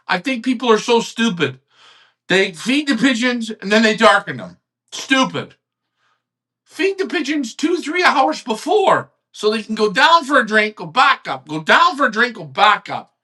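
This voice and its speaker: Man ranting loudly on a live stream. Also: high-pitched, a little slow. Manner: ranting, swearing, animated, swings loud to quiet. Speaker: host of a live online pigeon club show. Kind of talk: heated live-stream rant.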